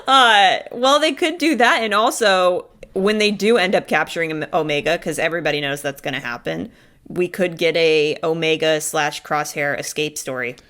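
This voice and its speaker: A woman co-hosting a podcast, chatting casually and in an animated way. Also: low voice. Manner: animated, quick to laugh. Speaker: podcast co-host. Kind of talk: casual chat.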